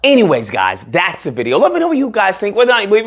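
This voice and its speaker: Animated sarcastic man with a husky voice. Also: high voice, racing. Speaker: commentary channel host. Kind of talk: political commentary.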